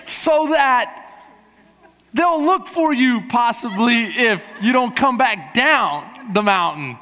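A man preaching as a pastor, telling a funny travel story in a lively way and acting out the people in it. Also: very high voice, slow pace, pauses often. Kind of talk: sermon with a humorous travel story. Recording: long hall reverb in a church.

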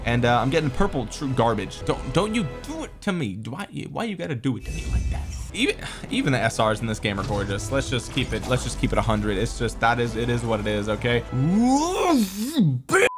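A man's voice: mid-range voice, animated, fast, music in the background. A young man giving gameplay commentary, with exasperated, joking rants at the game. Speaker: gaming content creator.

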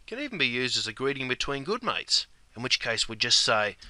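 A man's voice: mid-range voice, very animated, a little fast, hardly any pauses, pushed and bright, no echo. An Australian man explaining slang in a laid-back, comedic scripted way, peppering his talk with the word mate. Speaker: slang teacher.

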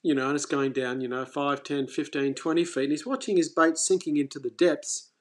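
A man hosting a fishing live stream, telling a story casually and with energy, stumbling and restarting, then trailing off quietly. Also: fairly high pitch, steady tone, brisk. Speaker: fishing coach and channel host.

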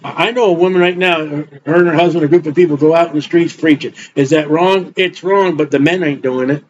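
Middle-aged male preacher, high-pitched, blunt rambling delivery, muffled lo-fi recording. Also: fairly even intonation, brisk, slight background noise. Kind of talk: informal sermon. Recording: dull lo-fi recording.

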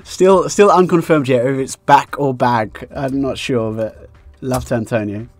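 A man's voice: medium pitch, a little slow. A man commentating a live poker stream, thinking aloud about hands and chatting with his viewers in a joking way.

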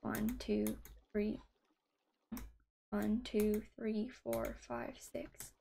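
A woman's voice: mid-range voice, little pitch movement, extremely slow, vocal fry, warm tone, a little hiss or hum. A young woman in her twenties, streaming from home, reading chat messages and teasing in a giggly, playful way. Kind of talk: casual live stream chat. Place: home room, in the UK.

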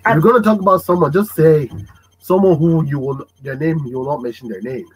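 A man hosting a casual podcast chat, animated and fond of acting out parents' voices. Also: fairly high pitch, brisk, slight background noise, low-quality recording. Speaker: podcast host.

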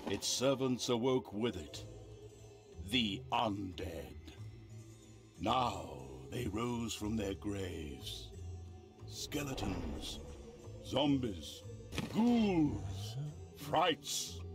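Sardonic game narrator, theatrical, very lively swooping pitch, slow unhurried delivery, music behind. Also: male voice. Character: wry male storybook narrator of a dark fantasy game. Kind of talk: dry humorous fantasy narration.

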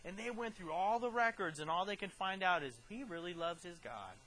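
A man preaching a sermon, retelling a scripture story with lively storytelling and acted-out quotes that swing from quiet to loud. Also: sits high, a little fast, slight background noise, poor audio. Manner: animated storytelling, acting out quotes with big swings in loudness.

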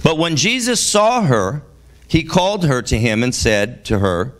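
A man preaching a sermon in a church service. He reads scripture aloud and breaks into emphatic, exasperated commentary that jumps from low reading to loud, high exclamations. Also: very animated, unhurried. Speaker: guest preacher.

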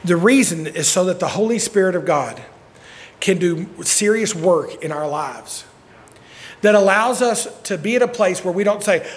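A man preaching a sermon, telling stories and swinging from shouts to quiet asides. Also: sits high, expressive, moderate pace. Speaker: pastor. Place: church sanctuary. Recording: long church hall reverb.

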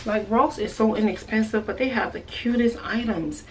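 A woman's voice: fairly high pitch, moderate pace, a little mellow, recorded from a distance, slight background noise. A woman chatting casually and gushing over clothes in a try-on haul vlog, filmed at home on a phone camera. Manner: gushing, chatty, repeats herself. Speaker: vlogger. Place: at home, indoors.

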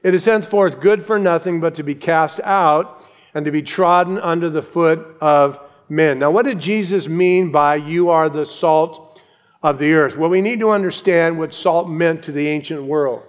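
A male pastor delivers an earnest sermon, driving points home with emphatic repetition. His voice sits a little high for a man. It rings out with a long reverb through a church sanctuary. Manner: earnest, emphatic preaching with repeated phrases.

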